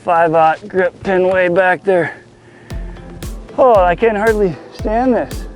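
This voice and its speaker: Excited kayak angler, a man with a high voice who talks slowly, faint music under him. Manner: giddy, exclaiming and laughing. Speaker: angler filming a fishing video. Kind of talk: excited outdoor fishing chatter. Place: on a kayak on a lake outdoors.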